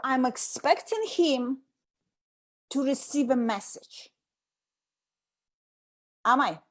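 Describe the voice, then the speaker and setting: High-voiced animated woman talking. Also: takes it slowly. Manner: animated, acts out nagging quotes. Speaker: host. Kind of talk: casual talk on communication.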